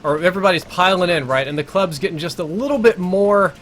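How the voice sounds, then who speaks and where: A man's voice: sits high, fast talker, fairly bright tone, a little hiss or hum. A man streaming live gameplay, telling a long crude story in a rambling, self-interrupting way. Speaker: gaming streamer.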